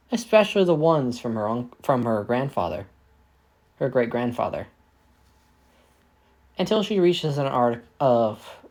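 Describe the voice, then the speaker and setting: A man's voice: medium pitch, darkish tone. Rambling man telling a fan story. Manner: rambling, self-correcting. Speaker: fanfic storyteller. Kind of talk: casual improvised story narration.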